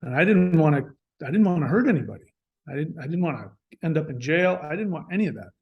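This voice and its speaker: A man who is a podcast guest, telling a personal story in a casual way. He is animated, restarts often and acts out bits of dialogue. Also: on the high side, fast, highs cut off.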